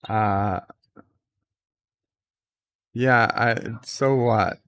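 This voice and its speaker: Slow, drawling man reading chat. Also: medium pitch, no echo. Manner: many filler uhs, slow and relaxed. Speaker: livestream host. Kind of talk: casual chat reading viewer comments.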